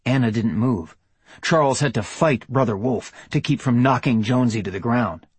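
A male audiobook narrator reads a story in a steady, even manner. His voice has a husky edge at a mid pitch, captured close and dry with no room sound. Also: normal speed, no echo. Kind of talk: scripted narration.

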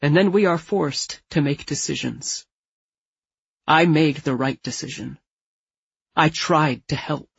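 A man's voice: on the high side, slow, creaky, pauses often, slightly rough, dry recording, highs cut off. A man narrating a novel in the first person, with stiff, formal and precise diction. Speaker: audiobook narrator.

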